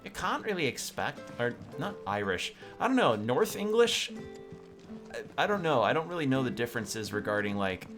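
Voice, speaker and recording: A man's voice: medium pitch, big pitch swings, normal speed, fairly bright tone, soft background music. A young man streaming a game, rambling, joking and reading the game's text aloud with stumbles. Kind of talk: let's play commentary.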